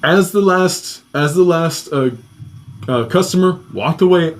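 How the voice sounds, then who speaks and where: Man, storytelling, profane, fairly high pitch, restless delivery. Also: unhurried. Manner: profane, restless, acts out quoted voices. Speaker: podcast host telling a personal story. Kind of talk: casual spoken storytelling.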